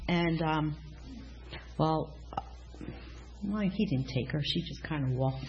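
A woman's voice: low voice, slow, darkish tone, highs cut off. A woman giving a casual spoken testimony in a church class, rambling and earnest with many restarts.

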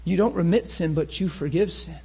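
A man preaching a sermon with great passion, often rising to a shout and acting out how his listeners would react. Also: on the high side, moderate pace, creaky, husky.

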